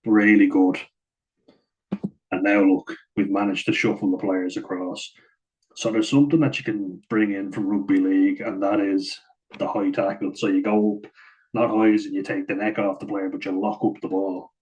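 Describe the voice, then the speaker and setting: Guy talking over rugby clips, low voice, pretty monotone, chatty. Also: normal speed, rough recording. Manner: chatty, says "like" often, chuckles at own asides. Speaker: rugby match analyst. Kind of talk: casual match breakdown voice-over.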